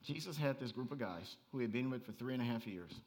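A man preaching a sermon as pastor, animated and conversational, rising to near-shouts and breaking into laughing asides. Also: mid-range voice, fast talker.

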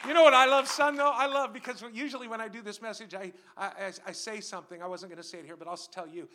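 A man preaching a sermon as a guest speaker, swinging from quiet asides to shouted, drawn-out exhortation, repeating phrases and firing questions at the congregation. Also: high voice, fairly even intonation, background noise. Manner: emphatic, repeats phrases and asks the crowd questions.

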